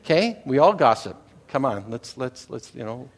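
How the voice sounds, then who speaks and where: A middle-aged man from Canada gives a Sunday sermon at an ordinary mid-range pitch. He talks to the congregation in a loose, chatty way. He restarts phrases and often pauses to ask whether they're following. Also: very animated. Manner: conversational, repeats words, checks in with "okay?". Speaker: pastor.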